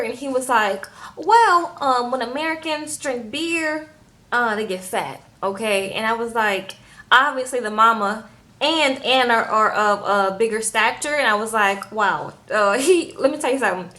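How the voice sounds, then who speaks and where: Woman, casual recap host, sassy retelling, bright voice, fairly high. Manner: animated retelling, quoting people with "okay?" tags.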